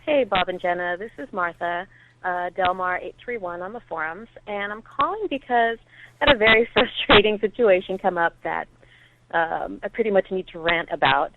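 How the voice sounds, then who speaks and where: A woman caller leaving a voicemail, telling a story in a frustrated, animated way. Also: medium pitch, moderate pace. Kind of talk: phoned-in voicemail rant. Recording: tinny phone line with faint hiss.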